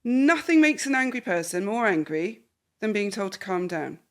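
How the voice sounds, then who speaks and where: Woman, counsellor, animated, acts out quoted voices, therapy session talk. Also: mid-range voice, moderate pace. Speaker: counsellor and podcast host.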